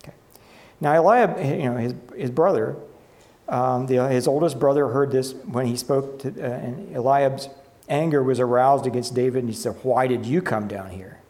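A man teaching a Bible lesson, reading scripture aloud and commenting, often halting and correcting himself. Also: medium pitch, darkish tone.

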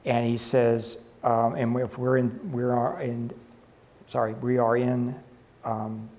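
A man of middling pitch reads scripture aloud and comments on it as a Bible teacher. He often halts, stumbles and corrects himself as he goes. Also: flat delivery, slow, darkish tone. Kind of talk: Bible lesson, reading and commenting.

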